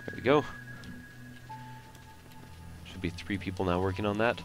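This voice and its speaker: A young man with a low voice rambles through gameplay commentary, thinking aloud as he builds. He drifts into half-remembered trivia and teases himself. Faint game music plays behind him. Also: fairly even intonation, moderate pace, long pauses. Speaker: let's play gamer.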